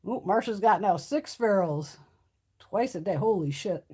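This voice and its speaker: A woman's voice: mid-range voice, animated, a little slow, warm tone, husky. A woman hosting a live stream from home, chatting casually, swearing freely and laughing often. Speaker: livestream host. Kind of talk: casual chat.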